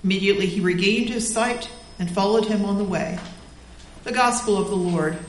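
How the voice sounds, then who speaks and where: A woman pastor reading scripture and leading a children's sermon, gentle and encouraging with coaxing questions. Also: medium pitch, normal speed, slight background noise. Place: church sanctuary. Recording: echoey church from far off.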